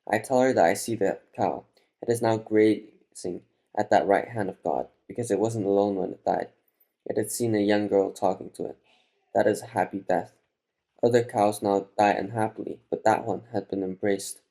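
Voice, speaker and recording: Low, dark-voiced male audiobook narrator. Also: vocal fry. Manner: measured, reflective first-person telling.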